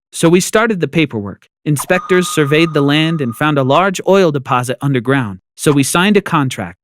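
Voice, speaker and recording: A man narrating a first-person storytime with an animated telling. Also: fairly high pitch, slight background noise.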